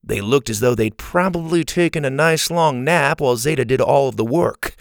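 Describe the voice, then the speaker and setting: A man narrating a children's storybook in a lively, expressive way. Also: mid-range voice, normal speed, vocal fry, no echo, clean studio sound. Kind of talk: storybook read-aloud narration.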